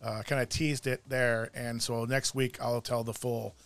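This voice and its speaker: A man's voice: mid-range voice, level tone, a little slow, vocal fry, fairly bright tone, clear, resonant tone. A man co-hosting a faith and family talk show, speaking casually in a rambling, emotional way, often breaking off mid-sentence. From Irish heritage. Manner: emotional, rambling, self-interrupting. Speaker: podcast co-host. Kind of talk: casual chat. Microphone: studio mic with cough button.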